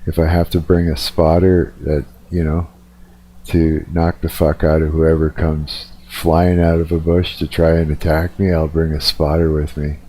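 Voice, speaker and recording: A man's voice: rumbling low, level tone, unhurried, mellow. Tired, profane man streaming live. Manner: profane, rambling, restarts sentences. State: a little tired. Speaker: livestreamer. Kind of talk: casual live-stream chat.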